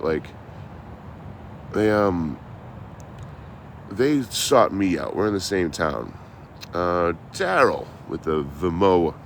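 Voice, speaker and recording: A man's voice: low voice, slight background noise. A man chatting on a casual outdoor livestream, telling road stories in a profane, rambling, laid-back way. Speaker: traveling live streamer.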